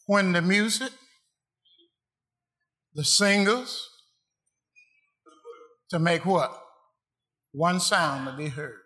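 A man's voice: high voice, sharp tone. A man preaching a sermon to a congregation, emphatic and rhythmic, repeating phrases for effect.

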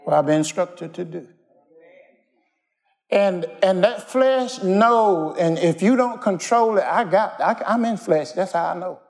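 A man's voice: high-pitched, measured pace, vocal fry, a little mellow. Folksy call-and-response preacher man. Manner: plainspoken storytelling with everyday slang. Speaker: pastor. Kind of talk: sermon.

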